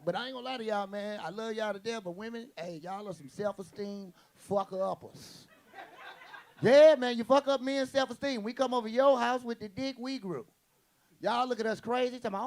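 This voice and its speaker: A man doing a stand-up comedy set, brash and profane, with quick punchy delivery and acted-out quotes, as the audience laughs. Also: very high-pitched.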